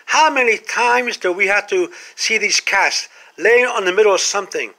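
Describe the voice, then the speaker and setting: High, bright-voiced man ranting. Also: normal speed. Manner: animated, full of rhetorical questions. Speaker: vlogger. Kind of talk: comic monologue to camera.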